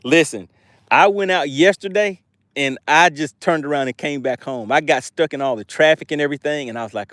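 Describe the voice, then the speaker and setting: A man hosting a fishing livestream from a boat outdoors, excitable, calling out catches and chatting with viewers. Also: on the high side, a little fast, no echo. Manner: excitable, reads chat aloud, exclaims. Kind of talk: live fishing stream chat.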